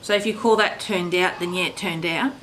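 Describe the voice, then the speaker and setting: A woman's voice: on the low side, fairly even intonation, a little fast, fairly bright tone, a little hiss or hum. An Australian woman, a doll artist, chatting casually to camera in a rambling, self-deprecating way.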